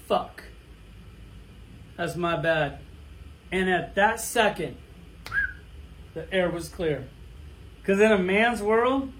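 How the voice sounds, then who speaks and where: Middle-aged guy ranting crude and blunt, high-pitched voice, swearing a lot. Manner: blunt, crude, rapid-fire rants with rhetorical questions. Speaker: toy collector vlogger. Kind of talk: profane ranting monologue.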